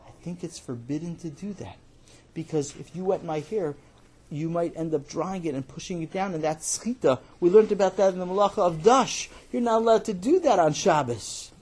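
A man's voice: high-pitched, animated, moderate pace, darkish tone, voice pushed up. A man voicing an indignant, stubborn young boy in a children's story, protesting in earnest.

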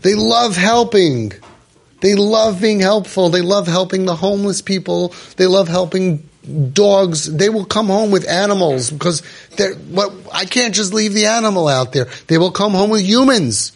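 Guy with a slightly high voice giving a talk to a room of parents, lively, lots of "you know", acts out little voices. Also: normal speed, creaky. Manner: animated, acts out quoted voices, many fillers. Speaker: parent support group leader. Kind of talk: talk to a live group. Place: room with a live audience.

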